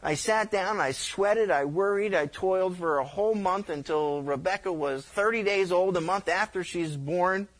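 A man's voice: sits high, moderate pace, few pauses. A middle-aged male pastor preaching a conversational sermon, telling stories with frequent restarts and stammers. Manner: conversational, animated storytelling with repeated restarts.

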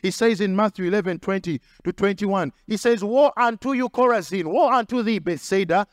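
High-voiced preaching pastor, dry sound. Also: male voice, brisk, no echo. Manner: emphatic preaching with repetition and acted quotes. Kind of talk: sermon.

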